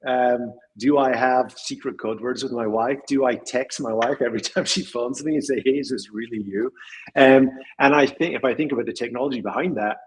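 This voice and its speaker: A man with a husky voice, a podcast guest in casual chat, speaking reflectively and trailing off with small chuckles. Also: medium pitch, fairly quick, slight background noise, low-quality recording.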